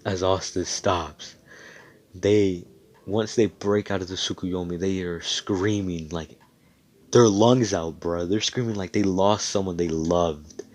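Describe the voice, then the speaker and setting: Young man, deep voice, casual rambling storyteller who swears a lot. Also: steady tone, slow, a little mellow. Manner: rambling, profane, loose. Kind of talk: casual fan-fiction storytelling.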